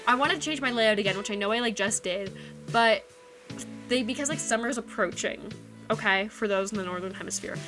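A woman's voice: fairly high pitch, fairly quick, a bit bright. A young woman streaming a game, chatting casually with viewers in a rambling, giggly way that keeps breaking off mid-thought. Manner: rambling, giggly, self-interrupting. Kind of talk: casual live-stream chat. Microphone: desk microphone. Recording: game music playing behind. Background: game music.

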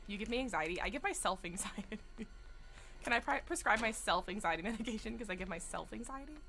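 Excitable young streamer woman, bright voice. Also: mid-range voice, quick pace, faint music behind. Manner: chatty, excitable, sing-song outbursts. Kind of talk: live gameplay commentary. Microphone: studio desk mic.

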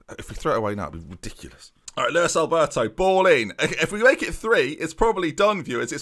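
Young male gaming host, lively pitch, chatty, talks straight to the viewers, gets loud for goals. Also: fast talker, hardly any pauses. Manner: chatty, keeps addressing "viewers", rises into excited match commentary. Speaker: gaming YouTuber. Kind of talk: casual commentary over a football management game.

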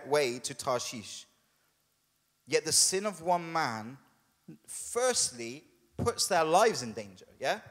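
A man preaching a sermon as a pastor, conversational and humorous, putting on quick voices for the people in his story. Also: on the high side, fairly bright tone, big-room sound. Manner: conversational and humorous, with quoted asides. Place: church hall.

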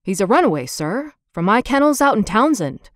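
A woman's voice: mid-range voice, big pitch swings, moderate pace, no room sound, studio quality, natural voice. A woman voicing a polite, embarrassed middle-aged man who breeds dogs, in a storybook reading. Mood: uneasy. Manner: respectful, apologetic, plain-spoken.

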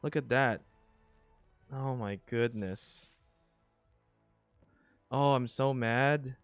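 Slow-talking excitable gamer guy. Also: medium pitch, no echo, soft background music. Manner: excitable, swings from grumbling to thrilled. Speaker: gamer commentating his own play. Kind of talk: casual gameplay commentary.

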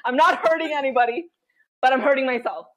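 A high-pitched woman in her thirties, chatting candidly as a podcast guest. She tells her story with animated energy and acts out her own thoughts in quoted asides. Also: fast. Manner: animated storytelling, frequent laughter and quoted inner voice.

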